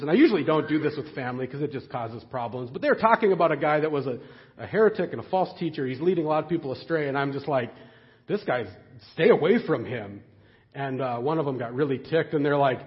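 Man preaching a casual sermon, animated and lively, muffled lo-fi recording. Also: a little high, fairly quick. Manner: conversational, animated preaching with many fillers. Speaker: pastor.

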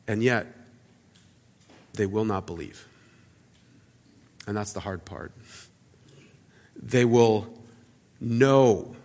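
A man preaching a sermon as a pastor, earnest, often repeating words and dropping to a quiet low voice for emphasis. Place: church sanctuary. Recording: church hall reverb.

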